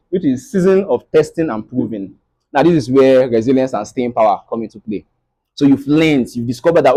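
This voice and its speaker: A young Nigerian motivational speaker with a Nigerian English accent preaches a faith-based talk to a live audience and often checks in with "right?" His voice sits fairly high and is a little mellow, though the audio is poor.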